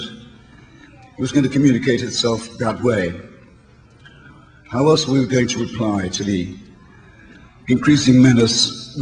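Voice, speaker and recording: A British man in his sixties gives an eloquent, wry, polemical speech to an audience, his voice hoarse and failing. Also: mid-range voice, darkish tone. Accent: British English. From England. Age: 60s. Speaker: speaker addressing a convention. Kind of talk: public speech. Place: large hall before an audience. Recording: reverberant hall with faint background noise.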